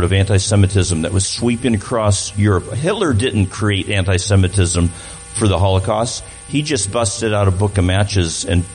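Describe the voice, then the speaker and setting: Man, lowish voice, guest speaker in church, conversational, restarts sentences, faint music and hum behind. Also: a little mellow, poor audio. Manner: conversational, repeats words while restarting. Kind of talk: church talk to a congregation.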